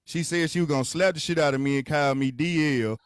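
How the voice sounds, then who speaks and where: A man's voice: on the high side, a little fast. A man on a live stream trading mocking, profane banter. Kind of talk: casual live stream chat.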